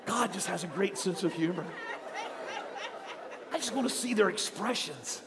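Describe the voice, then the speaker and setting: A middle-aged man preaching in a church, his voice strikingly high as he tells a story and then builds to shouted exhortation. The sound carries a long hall reverb, with a faint congregation and low noise behind him. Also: lively intonation, normal speed, crowd noise. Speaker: pastor. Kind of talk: sermon. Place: church sanctuary.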